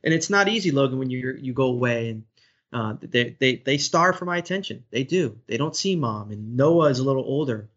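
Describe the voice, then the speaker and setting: An earnest man in his thirties, a sports broadcaster, talks through a difficult personal story on a podcast. His voice sits at an ordinary pitch and he often restarts his sentences. The recording sounds dull and lo-fi. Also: lively intonation, fairly quick, a bit bright. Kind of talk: podcast interview. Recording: dull lo-fi audio.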